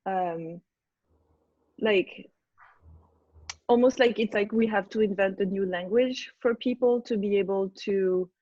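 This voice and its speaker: A woman's voice: medium pitch, measured pace, long pauses, darkish tone, no echo, lo-fi sound. A woman with a French accent hosting a podcast, hesitant and searching for words. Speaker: podcast host. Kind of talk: casual podcast chat.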